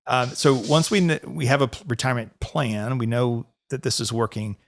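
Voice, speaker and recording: A man in conversation on a financial advice podcast. His voice sits at an ordinary pitch for a man. His delivery is easygoing and chatty, full of laughter and small restarts as he explains things. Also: normal speed. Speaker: financial advisor, podcast host. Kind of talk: casual advisory podcast chat.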